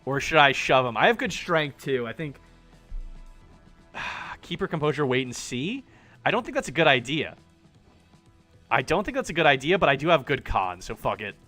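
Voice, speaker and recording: A man's voice: medium pitch, moderate pace, long pauses, soft background music. A man streaming a video game, reading its text aloud in put-on voices and reacting with laughs and swearing. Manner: animated, swears and laughs often.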